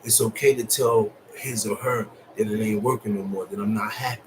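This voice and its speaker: A man giving blunt, profane relationship advice in a casual monologue, moving from calm and low to loud and high. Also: fairly quick, background noise. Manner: profane, blunt street talk with lots of laughing. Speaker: vlogger.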